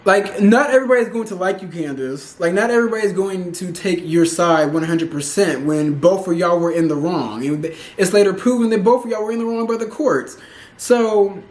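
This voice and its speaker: Man, higher voice, casual opinionated TV recap, filler-heavy, echoey room. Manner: chatty, opinionated, lots of "like" fillers. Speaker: show recap host.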